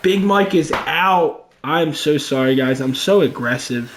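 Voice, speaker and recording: A young man giving casual let's-play commentary on a baseball video game, excitable and chatty, talking to his viewers as "boys". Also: a little high, unhurried, reverberant. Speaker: gaming YouTuber.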